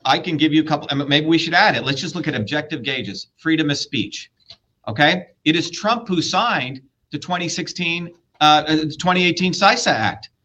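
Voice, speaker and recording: A man's voice: fairly high pitch, lively intonation, moderate pace, bright, forceful tone, highs cut off. A man running for office, arguing bluntly and lecturing with profanity in a heated political debate. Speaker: political candidate.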